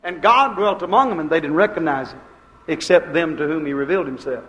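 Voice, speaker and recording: A male preacher delivering a sermon with emphatic, repetitive phrasing and sudden swings between soft and loud delivery. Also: a little high, brisk, rough recording.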